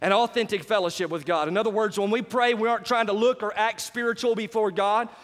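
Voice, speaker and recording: A male pastor, preaching in an animated storytelling way and asking the congregation questions as he goes. His voice sits high for a man. The sound carries a long reverb from a large church hall. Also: fast. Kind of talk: sermon.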